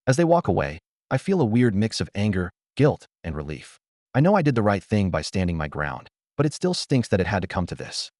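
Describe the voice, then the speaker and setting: Man narrating a first-person story, earnest, low voice, lively pitch, dry close sound. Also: brisk, dry recording.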